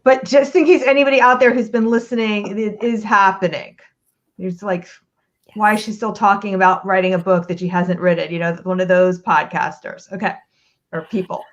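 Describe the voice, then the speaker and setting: A woman's voice: mid-range voice, steady tone. A woman hosting a podcast interview in a casual, playful, teasing way. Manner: playful, teasing, quick asides. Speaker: podcast host. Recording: slightly dull, lo-fi audio.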